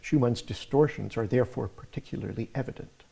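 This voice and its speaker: A male lecturer talks through his scripted material in a measured, explanatory manner. His voice is gravelly and mellow, with a slightly husky edge. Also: mid-range voice. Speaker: music lecturer. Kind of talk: scripted academic narration.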